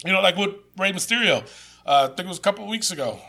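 A man co-hosting a podcast in casual chat, animated, swearing freely and laughing often. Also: high voice, racing, gravelly. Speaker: podcast co-host.

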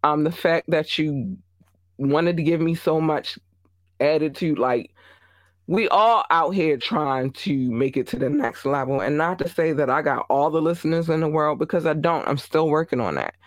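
A woman's voice: low voice, normal speed, dry recording, studio quality. A woman in her thirties hosting her own podcast, talking bluntly in a sassy, venting monologue. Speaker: podcast host.

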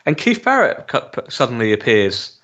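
A man talking casually as co-host of a podcast. He hesitates often with ums and restarts, then grows animated and jokey. His voice sits at an ordinary middle pitch. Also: moderate pace. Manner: chatty, hesitant with many ums, animated when joking. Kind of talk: casual chat reviewing a TV episode.

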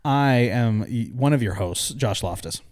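A man's voice: mid-range voice, animated, a little slow, a little mellow. A man co-hosting a podcast, chatting casually, joking and rambling as he talks. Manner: joking, rambling, laughs often. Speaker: podcast co-host. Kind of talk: casual chat.

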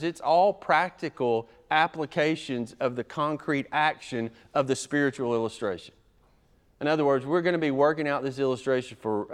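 A pastor preaching an expository sermon, methodical and emphatic, his loudness rising and falling sharply as he drives points home. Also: mid-range voice, clear, resonant tone.

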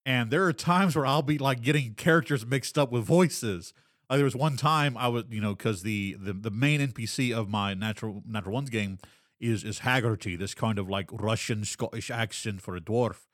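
A man's voice: mid-range voice, a bit bright, no room sound. A man chats loosely about running games, full of fillers and restarts. His voice sits in a middle range. The recording is dry and close, with no room sound. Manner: rambling, filler-heavy, drops into quick character voices. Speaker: podcast co-host, game master. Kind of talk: casual chat.

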